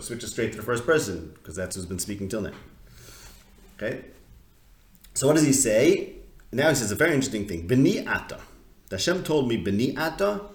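A man's voice: fairly low pitch, vocal fry. A man teaching a text study class in a conversational, questioning way, often restarting his sentences. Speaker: Torah teacher. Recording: echoey room.

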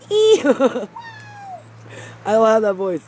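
A woman with a deep, dark voice that is worn hoarse from singing. She talks slowly and playfully with a lively, swooping pitch and laughs often. Faint ambient noise sits behind her. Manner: laughs a lot, slow and playful. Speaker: karaoke podcast co-host. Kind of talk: casual karaoke banter.

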